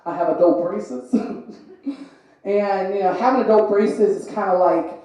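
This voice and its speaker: Young woman, lisp, stand-up comedy, animated, very echoey live room. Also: mid-range voice, unhurried. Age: young adult. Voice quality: lisp from braces. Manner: animated, voices others in quotes. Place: comedy venue with laughing audience.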